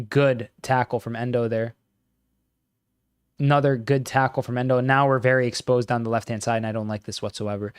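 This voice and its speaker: A man streaming live football watch-along commentary, reacting excitedly as a fan and chatting with viewers. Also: medium pitch.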